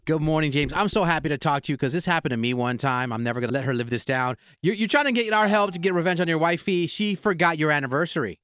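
A man's voice: on the high side, lively intonation, fast talker, few pauses, a bit bright, smooth, no echo, studio quality. Upbeat male morning radio host. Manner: upbeat, chatty, emphatic. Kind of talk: morning radio show banter. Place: radio studio. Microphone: studio mic.

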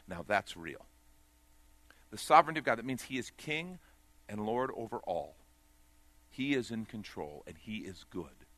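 A man preaching a sermon as pastor, swinging from loud urgent peaks to quiet low asides. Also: dry recording.

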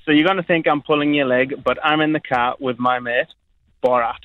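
A man calling a radio show, speaking deadpan. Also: mid-range voice, a little fast, no room sound. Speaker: caller. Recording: tinny dry phone line.

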